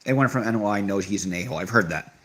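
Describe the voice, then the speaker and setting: A young man running a live stream reads the chat and meets comments with casual sarcasm. His voice is fairly low and a bit bright, and he talks quickly.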